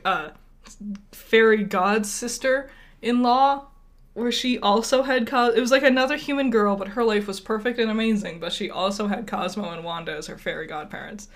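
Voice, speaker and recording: A woman co-hosting a podcast in casual chat, rambling through asides and laughing often. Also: mid-range voice. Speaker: podcast co-host.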